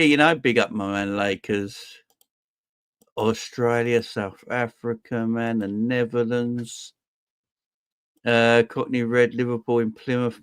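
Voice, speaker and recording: A young man hosting a football fan livestream, casually and cheerfully shouting out viewers in the chat. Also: medium pitch, smooth, no echo, studio quality. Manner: upbeat, shouting out viewers by name. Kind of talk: casual live-stream chat.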